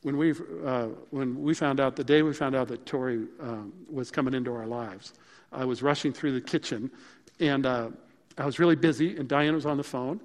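A man's voice: medium pitch, fairly even intonation, moderate pace. A man preaching a sermon, telling personal stories in a conversational, humorous way. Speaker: pastor. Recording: long reverb of a large hall.

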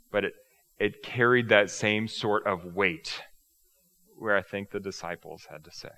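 A male pastor giving a casual, conversational sermon, firing off rhetorical questions and poking fun at himself. His voice sits low but rings bright and forceful. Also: moderate pace.

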